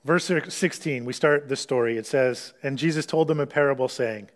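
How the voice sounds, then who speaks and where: A pastor preaching a sermon, explaining scripture in an earnest, teaching way with pauses and restarts. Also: male voice, mid-range voice.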